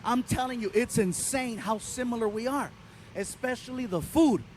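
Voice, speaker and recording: A man with a very high voice performs a stand-up set on a theater stage, animated and playful as he tells his stories. He speaks into a handheld mic, with a faint hum underneath. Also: moderate pace. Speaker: stand-up comedian. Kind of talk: stand-up comedy routine. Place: theater stage before an audience.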